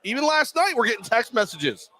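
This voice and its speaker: A man's voice: very high voice, sing-song, a little fast, pushed and bright. A man co-hosting a casual sports talk show, bantering with mock-dramatic jokes. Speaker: co-host.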